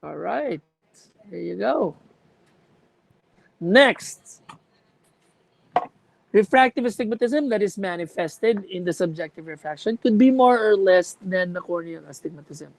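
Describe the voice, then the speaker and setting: Woman lecturer going slow over optometry notes, checks in w the class a lot, dry close sound. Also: mid-range voice, animated, gravelly, no echo, poor audio. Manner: explains by example, checks with students. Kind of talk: classroom lecture on contact lenses.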